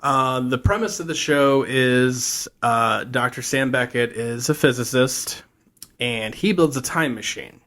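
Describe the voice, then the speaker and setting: A man talking through an old show's plot in a relaxed podcast chat. He rambles from scene to scene, a voice of ordinary middle pitch with plenty of "uh"s. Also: unhurried. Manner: rambling storyteller, acts out scenes. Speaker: podcast co-host. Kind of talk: casual chat recapping a TV show.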